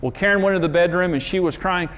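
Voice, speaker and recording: A man with a slightly high voice preaches about marriage to an audience. He tells personal stories in a frank, self-mocking way and hits his key lines with emphasis. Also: very fast, fairly bright tone. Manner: candid, self-deprecating storytelling; emphatic, building up to punchlines. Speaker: marriage speaker.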